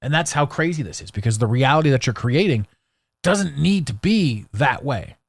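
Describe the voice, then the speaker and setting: Animated, blunt male podcast host. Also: medium pitch, moderate pace, no room sound. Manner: animated, blunt and sarcastic, with restarts. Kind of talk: solo podcast monologue.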